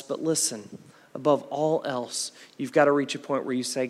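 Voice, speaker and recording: A man's voice: medium pitch, moderate pace. Man preaching, long hall reverb. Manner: preaching with a repeated "listen", building intensity. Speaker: pastor. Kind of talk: sermon.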